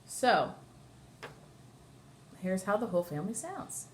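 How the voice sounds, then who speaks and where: A woman's voice: lowish voice, animated, measured pace, a little hiss or hum. A woman cantor teaching Torah chanting at home, explaining step by step and singing short examples. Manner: explains step by step, sings trope names in short phrases. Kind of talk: online lesson with sung examples. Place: home with a dishwasher running.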